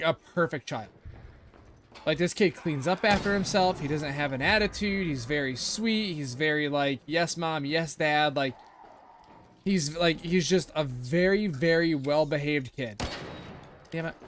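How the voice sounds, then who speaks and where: A man's voice: a little high, a bit bright. Rambling, swearing male streamer. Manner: rambling, swears a lot, many fillers. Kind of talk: casual gameplay chat.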